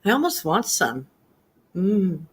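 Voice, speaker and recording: Giggly woman chatting very slowly. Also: fairly low pitch, very animated, soft background music. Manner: giggly, quick to laugh. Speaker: co-host. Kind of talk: casual chat.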